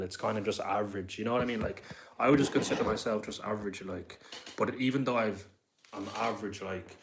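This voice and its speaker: A young man from Dublin, Ireland, streams live in a fairly low voice over slight background noise. He's talkative and rambling, reading his viewers' comments out and responding to them.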